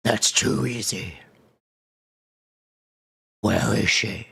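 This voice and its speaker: A man's voice: lowish voice, fairly even intonation, very slow, vocal fry, pushed and bright, slightly rough. Laid-back joking male streamer. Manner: joking, laughs often. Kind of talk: casual live-stream chat.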